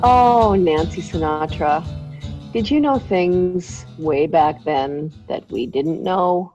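A Canadian woman with a Western Canadian accent, hosting a podcast in casual, animated chat. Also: on the low side, measured pace, no room sound, lo-fi sound, faint music behind. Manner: animated, laughing, chatty. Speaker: podcast host.

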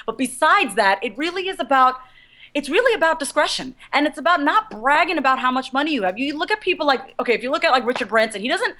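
Brief: woman guest coach, quick and frank, slightly high voice, chatty and direct. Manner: fast, candid, animated, addresses the host by name. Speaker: guest speaker, business coach. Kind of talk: casual advice chat.

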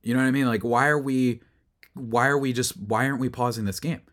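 A man's voice: medium pitch, steady tone, fairly quick. Man ranting about a baseball game. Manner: exasperated, ranting, rising to loud outbursts; rambling with fillers and restarts. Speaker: sports podcast host. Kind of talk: solo sports recap rant.

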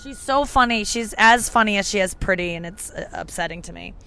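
A woman's voice: mid-range voice, a little fast, pushed and bright, slight background noise. A young woman hosting a podcast in casual chat, rambling and cutting herself off as she talks. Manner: chatty, rambling, self-interrupting. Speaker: podcast host.

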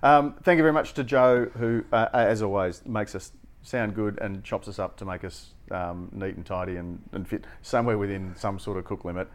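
A man's voice: lowish voice, normal speed. A man co-hosting a podcast in casual chat, reading sponsor thanks and making wry jokes. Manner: wry, joking asides. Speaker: podcast co-host.

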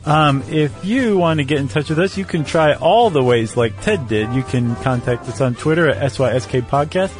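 A man's voice: on the high side, animated, moderate pace, few pauses, soft background music. A man co-hosting a podcast in casual chat, laid-back with wry quips. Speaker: podcast co-host.

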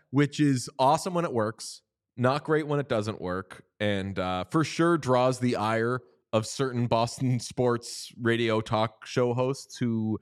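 A man's voice: mid-range voice, clean tone, dry recording, studio quality. A man co-hosting a podcast, wisecracking and upbeat in casual hockey talk. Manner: quick, wisecracking, enthusiastic. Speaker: podcast co-host. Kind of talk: casual sports chat.

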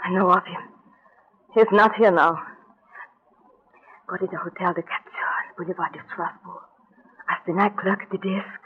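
A woman's voice: lowish voice, fairly even intonation, normal speed, long pauses, slightly rough. An actress in a 1940s radio drama playing a cautious woman in occupied Paris, with a guarded manner. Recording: dull lo-fi 1940s radio broadcast.

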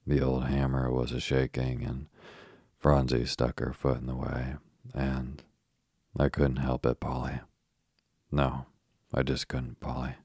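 A man reading the lines of an anxious, guilty little boy in an audiobook, with a very deep, husky, flat voice. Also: measured pace, no echo, clean studio sound, full character voice. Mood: pleading. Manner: reads his lines in his own low, even voice.

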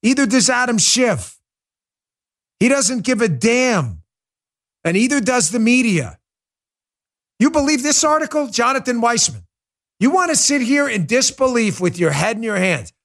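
A man's voice: very high-pitched, sing-song, measured pace, pauses often, fairly bright tone. A man hosting a political commentary show, delivering a heated, emphatic monologue. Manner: fiery, emphatic, repetitive ranting.

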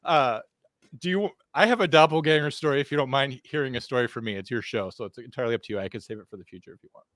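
A man guesting on a podcast, casually telling a rambling, animated anecdote with plenty of swearing. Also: medium pitch, racing, no room sound, clean studio sound.

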